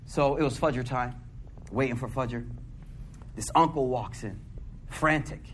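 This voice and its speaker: A Muslim speaker gives a casual sermon, telling stories in slangy, conversational language and repeatedly asking the audience questions. He has a medium-pitched, fairly bright voice, speaks unhurriedly, and there's slight background noise.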